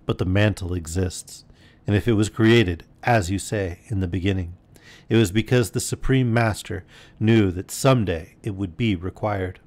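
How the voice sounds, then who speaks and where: A man's voice: low voice, moderate pace, darkish tone, lightly acted. A man reading aloud and voicing a wise, solemn male immortal from a storybook, with a grave, earnest delivery. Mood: pleading.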